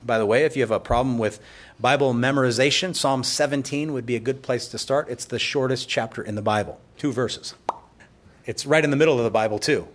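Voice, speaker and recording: This pastor's mid-range male voice moves a little fast as he preaches. His sermon unpacks scripture in a casual, conversational style, sprinkled with playful digressions.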